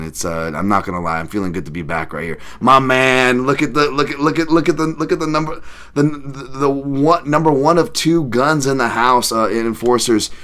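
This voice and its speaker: A man hosting a podcast livestream in a casual chat, rambling and excitable, thanking viewers and swearing often. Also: lowish voice. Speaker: podcast host.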